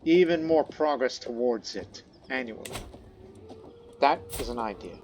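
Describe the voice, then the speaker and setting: A man playing a strategy game and commenting casually, with a mid-range voice. He thinks aloud, drops into quiet muttering to himself, and reads event text aloud. A faint hum sits under his voice. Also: mid-range voice, expressive, unhurried, low-quality recording. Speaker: let's play commentator.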